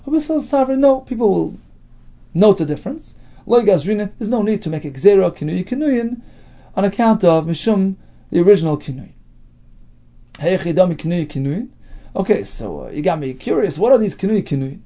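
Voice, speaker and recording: A man leads a daily Talmud lesson, reading phrases from the text and explaining them in plain English. His voice is high and mellow with a gravelly edge, and his pitch moves a lot. The recording sounds dull and lo-fi. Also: very animated, a little fast. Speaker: Talmud teacher.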